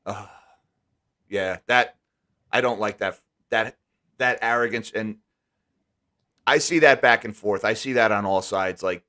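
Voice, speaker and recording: A man's voice: lowish voice, measured pace, pauses often, bright, forceful tone. Candid, emphatic man hosting a live stream. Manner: candid, emphatic, often restarts words. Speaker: host. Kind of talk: casual live-stream chat.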